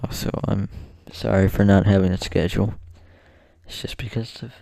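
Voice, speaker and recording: A young man vlogging a casual rant to the camera, halting and out of breath, swearing and restarting his sentences. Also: fairly low pitch, fairly even intonation, gravelly, dark tone, no echo, studio quality.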